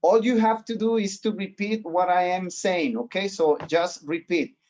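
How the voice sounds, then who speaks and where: A man's voice: high voice, normal speed, darkish tone, highs cut off, a little hiss or hum. Man, English teacher, encouraging, video call class. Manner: encouraging, mixes in Spanish explanations. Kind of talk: online class instruction.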